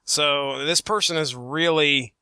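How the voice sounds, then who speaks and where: A man co-hosting a casual podcast, reading online listings aloud in an animated way and laughing often. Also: a little high, slow, clear, resonant tone, dry recording. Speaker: podcast co-host.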